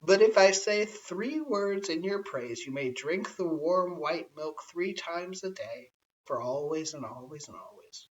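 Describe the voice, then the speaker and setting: A man's voice: a little high, expressive, unhurried. A man voicing a wise, teasing woman of the cave who laughs at a cat, in a bedtime story reading. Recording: slightly distant, dull lo-fi home recording.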